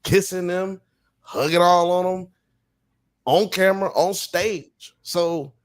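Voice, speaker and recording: Slangy, animated man on a dry mic. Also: high-pitched, takes it slowly, no echo. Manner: animated, slangy, asks rhetorical questions. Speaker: podcast co-host. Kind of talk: casual chat on a live stream.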